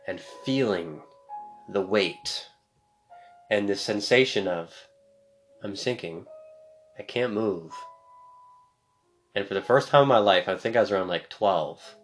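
A young man co-hosting a casual chat, telling a long story in a relaxed, rambling way and acting out the quotes. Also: lowish voice. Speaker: podcast co-host.

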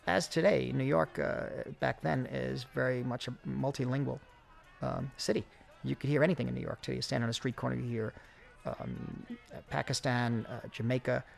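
A man giving a film commentary track, talking in halting runs full of fillers and restarts. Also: medium pitch, gravelly. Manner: halting, many fillers, quick bursts.

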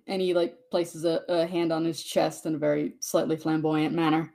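A woman playing a tabletop game, talking casually and haltingly, with fillers. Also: low voice, warm tone. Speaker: player.

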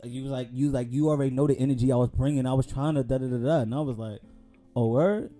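A man co-hosts a relaxed podcast conversation, spinning dating stories in street slang. He slips into the voices of the people he quotes, and his pitch sits at an everyday middle. Faint music plays underneath. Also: racing. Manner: laid-back slang storytelling, acts out quoted dialogue. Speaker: podcast co-host. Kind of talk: casual chat.

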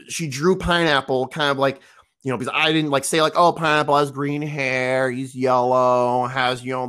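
A man's voice: medium pitch, sharp tone, clear, resonant tone. A man in his thirties telling a casual story, rambling with lots of fillers and restarts. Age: 30s. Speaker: podcast guest.

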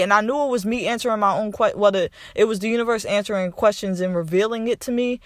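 A man's voice: high-pitched, fast talker, few pauses, dry recording. A young man hosting a podcast, giving a casual motivational talk and repeating phrases for emphasis with casual swearing. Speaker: podcast host.

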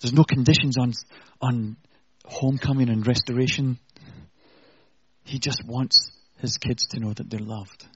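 Male preacher, husky voice, earnest and conversational, dry dull lo-fi recording. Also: mid-range voice, steady tone, unhurried, no room sound. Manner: earnest, conversational preaching with self-deprecating asides. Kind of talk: sermon.

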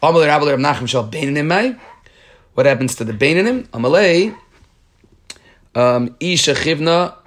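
A man's voice: a little high, lively intonation, normal speed, pauses often. Man working through a Talmud page. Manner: reads Aramaic aloud, then explains in English with frequent restarts. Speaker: Talmud teacher. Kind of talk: reading and explaining a Talmud page.

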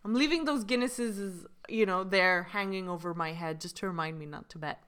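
A woman with a bright, forceful voice co-hosts a casual podcast. She talks in a playful, giggly way and reads definitions out for her partner. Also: lowish voice, brisk, clean tone. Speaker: podcast co-host. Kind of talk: casual chat.

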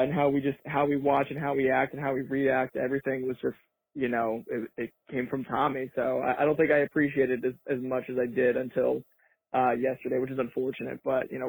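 A man's voice: medium pitch, little pitch movement, fairly quick. A man from Massachusetts leaving an earnest, rambling voicemail over the phone. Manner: earnest, rambling, many fillers. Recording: tinny phone line.

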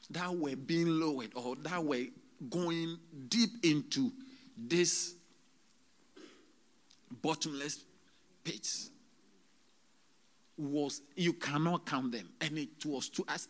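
A man preaching a sermon to a congregation, swinging between loud exclamations and hushed, whispered retelling, halting often as he speaks. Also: mid-range voice. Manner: halting, with many restarts and drawn-out words. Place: church service.

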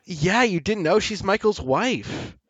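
A man co-hosting a podcast in casual chat, with a relaxed, joking manner. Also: high voice, slow pace, husky, no room sound, dull audio. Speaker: podcast co-host.

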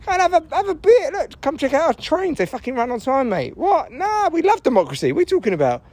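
A man voicing a breezy, evasive German stereotype in high, jokey patter. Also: sing-song, fast, a little mellow, heavily acted.

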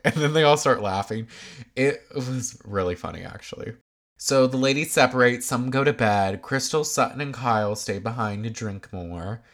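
A man talks through a reality show episode in a loose, gossipy recap. His voice is bright and a little sharp at an ordinary pitch. He is chatty and opinionated, leaning on "like" as he goes. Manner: chatty, opinionated, lots of "like" fillers.

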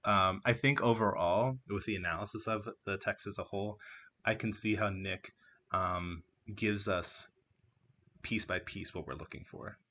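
A man's voice: lowish voice, moderate pace, bright, forceful tone, dull audio. A young man casually discussing a novel, chatty with many fillers, sometimes acting out quotes. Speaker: discussion partner.

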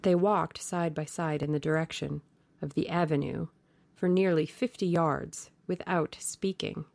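A woman narrating a classic novel aloud in slow, measured storytelling. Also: deep voice, fairly even intonation, creaky, darkish tone, no room sound. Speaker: audiobook narrator.

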